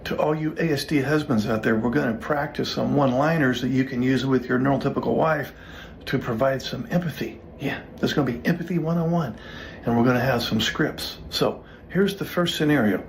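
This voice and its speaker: Male coach, gravelly, mid-pitched, instructive repeat-after-me delivery, faint noise. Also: fairly quick. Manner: instructive, leads listeners through repeat-after-me scripts. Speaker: relationship coach. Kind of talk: casual coaching talk to camera.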